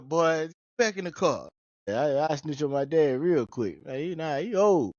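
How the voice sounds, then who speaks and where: A man hosting a podcast in casual chat, an animated storyteller who jumps into high-pitched voices when he quotes people. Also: normal speed, dry recording, dull audio. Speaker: podcast host.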